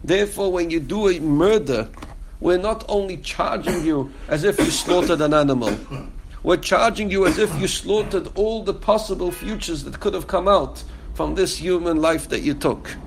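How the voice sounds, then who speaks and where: A man's voice: sits high, moderate pace, creaky, noisy background. A man teaching a Torah lesson on Genesis, quoting verses and commentary and translating them, with rhetorical questions and repeated phrases for emphasis.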